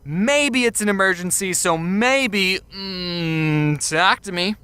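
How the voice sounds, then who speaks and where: Young man, comic scripted narration, wry deadpan, lively pitch, dry close sound. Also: unhurried, clear, resonant tone, no room sound. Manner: wry, deadpan storytelling with acted asides. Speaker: animated storyteller.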